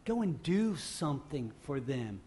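A male pastor preaching a sermon off the cuff, swinging from loud emphatic bursts to quiet low passages and often restarting his phrases. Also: big pitch swings, unhurried, slight background noise. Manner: repeats and restarts phrases while speaking off the cuff.

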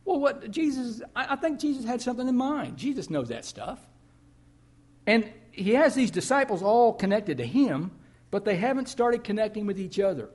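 A man's voice: sits high, sing-song, normal speed, a little mellow. A man preaching a sermon as a pastor, telling stories conversationally with emphatic rises.

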